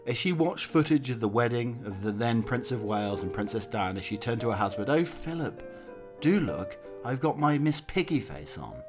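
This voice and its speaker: A man reading a scripted documentary narration in a measured, anecdotal storytelling way. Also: lowish voice.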